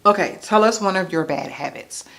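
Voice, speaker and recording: A woman's voice: medium pitch, normal speed, a bit bright. A woman in her thirties from the United States chatting casually to camera, answering questions with self-mocking asides to viewers. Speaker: vlogger. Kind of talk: casual to-camera Q&A tag video.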